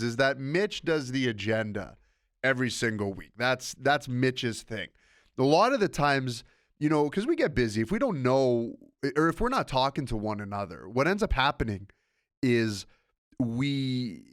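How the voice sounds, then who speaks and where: A man's voice: mid-range voice, no echo, clean studio sound. A man hosting a sports podcast alone, talking in a rambling, self-interrupting, casual way. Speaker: podcast host. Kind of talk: casual solo podcast monologue.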